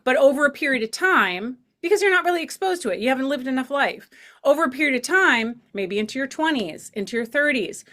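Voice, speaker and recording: Bright-voiced woman sharing advice. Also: high-pitched. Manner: reflective, explains views step by step. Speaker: podcast co-host. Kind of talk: casual chat.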